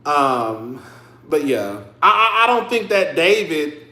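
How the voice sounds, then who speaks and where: High-voiced man rambling in an echoey room. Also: sing-song, slow pace, sharp tone. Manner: rambling, full of "like" and restarts. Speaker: podcast host. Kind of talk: casual commentary chat.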